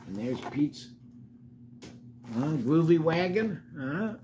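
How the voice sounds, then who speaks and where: A man's voice: mid-range voice, animated, slow, darkish tone, slight background noise. An older man reading a picture book aloud to children, breaking off for chatty asides to the kids. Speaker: storybook reader.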